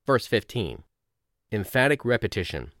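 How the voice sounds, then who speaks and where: A man reading a devotional lesson aloud in a slow, reflective way with measured pauses. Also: lowish voice, sing-song, a bit bright, no room sound, studio quality. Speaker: course narrator.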